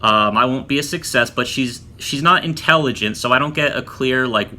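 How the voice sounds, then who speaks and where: A man talks straight into a nearby camera from a room at home, in a loose, filler-heavy vlog style. His voice has a very bright, sharp edge, though his pitch stays in the middle. He often slips into mocking imitations of other people. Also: normal speed. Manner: chatty, frequent fillers, mocking impressions of others. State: just showered, hair still wet. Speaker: former student telling his story. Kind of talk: casual vlog monologue.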